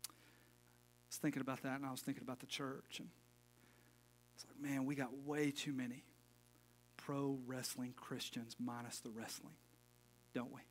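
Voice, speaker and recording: A man's voice: medium pitch, little pitch movement, normal speed, pauses often, faint music behind. A middle-aged man preaching a casual sermon as pastor, folksy and full of joking asides.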